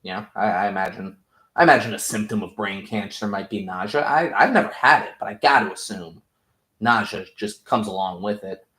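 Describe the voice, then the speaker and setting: A man's voice: on the low side, brisk, a bit bright. A man casually recapping a TV episode, rambling, jokey and profane. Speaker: podcast host. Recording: roomy echo.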